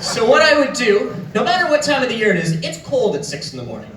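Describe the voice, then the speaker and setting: A young man doing stand-up comedy on a club stage, telling stories in an animated, profane way. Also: very high voice, fast. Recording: echoey club, far from mic, loud crowd.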